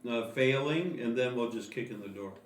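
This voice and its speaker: A man chatting casually as a player in a tabletop game, halting and repeating himself. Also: medium pitch, distant mic. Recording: echoey room with the speaker away from the mic.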